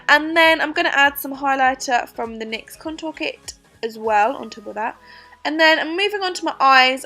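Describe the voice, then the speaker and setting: Chatty girl, high bright voice, giggly makeup vlog voice-over, faint music underneath. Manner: chatty, giggly, self-mocking. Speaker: beauty vlogger. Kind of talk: casual makeup tutorial voice-over.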